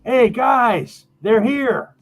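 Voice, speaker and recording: A man's voice: very high-pitched, expressive, very slow, gravelly, voice pushed up, exaggerated voice. A man voicing a brash, jovial teenage male leprechaun who leads a band. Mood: welcoming. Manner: jovial, laughing, pushy host.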